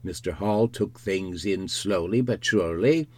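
A man narrating a classic novel in a measured, unhurried storytelling manner. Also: deep voice, a little mellow, no echo. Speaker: audiobook narrator.

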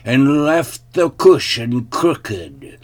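A man's voice: mid-range voice, very animated, extremely slow, pitched above the performer's own voice. A man doing a big growling father bear. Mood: indignant. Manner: growling, loud and emphatic. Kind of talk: storybook reading.

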